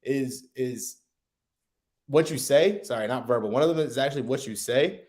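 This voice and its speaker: A man talking through sales tips on a podcast in an easy, conversational way. His voice sits at an ordinary middle pitch. He loops back on his words and tags his points with a quick "right?". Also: a little mellow. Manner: loose, repeats himself, says "right?" often. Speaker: co-host, sales coach. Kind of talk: casual podcast chat.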